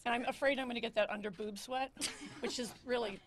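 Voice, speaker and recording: A woman's voice: on the high side, steady tone, quick pace, background noise. A woman in her fifties, a comedian giving a press conference statement, joking and mocking herself with a nervous edge. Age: 50s.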